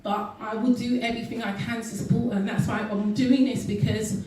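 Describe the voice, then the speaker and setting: A woman's voice: fairly high pitch, flat delivery, brisk, a little mellow, a little hiss or hum. Earnest woman in an echoey hall. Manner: earnest, with frequent ums and restarts. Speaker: guest speaker. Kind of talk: casual health talk to an audience. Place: event hall. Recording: echoey hall recorded from far off.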